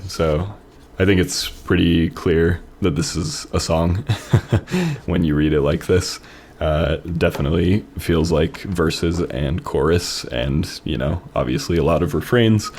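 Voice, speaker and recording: A man's voice: deep voice, darkish tone. A man hosting a review of fan-submitted poems, reading them aloud and then discussing them in a thoughtful, conversational way. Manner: thoughtful, conversational, many fillers like "you know" and "right". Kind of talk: reading aloud and casual critique.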